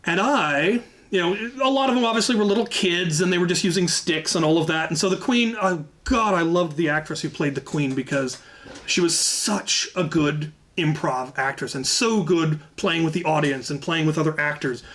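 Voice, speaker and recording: A man hosting his own channel, telling an anecdote in a casual, lively way with frequent asides. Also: a little high, moderate pace. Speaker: channel host telling a story. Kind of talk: casual storytelling.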